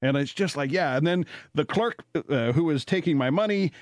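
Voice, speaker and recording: Canadian male host, chatty storyteller, lively pitch, dry sound. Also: moderate pace, no echo. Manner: rambling, animated, laughs often, many fillers. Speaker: radio talk show host. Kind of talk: casual storytelling chat.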